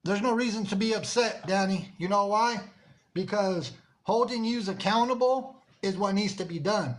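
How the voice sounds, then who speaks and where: A man with a Mexican-American accent hosts a livestream and calls people out. He talks in a high register and scolds them insistently, saying the same thing over and over. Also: normal speed. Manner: scolding, insistent, repeats himself. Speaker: livestream host. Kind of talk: confrontational livestream talk.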